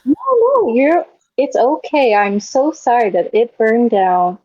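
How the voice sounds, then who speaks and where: A woman doing an eager archer girl, bouncy lively voice, dry muffled sound. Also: fairly high pitch, slow pace, no room sound, full character voice.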